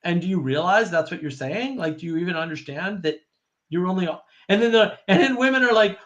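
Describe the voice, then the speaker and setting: Man, high voice, casual discussion host, animated, wry, acts out quotes. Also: a little fast, highs cut off. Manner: wry, laughs at own points.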